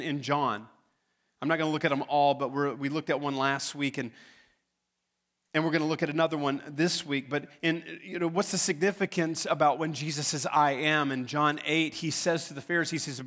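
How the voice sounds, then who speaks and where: A man preaching a sermon in a church, talking in a relaxed way and making joking asides to the congregation. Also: a little high. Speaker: pastor. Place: church sanctuary.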